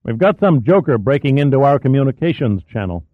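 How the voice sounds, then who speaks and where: A man's voice: mid-range voice, sing-song, brisk. A puzzled male engineer talks in a casual, offhand way, as a man reads him aloud. The sound is thin and phone-like, with no room echo. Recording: dry, thin phone-like audio.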